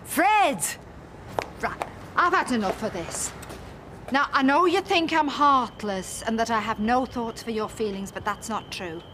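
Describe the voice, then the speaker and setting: Give me a hurt, exasperated woman in a TV drama. She pleads high and rises sharply, her voice swooping all over. Noticeable background noise sits under the recording. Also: lively intonation, a little slow. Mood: pleading. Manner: emotional, pleading then scolding. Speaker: woman pleading with a former fiancé.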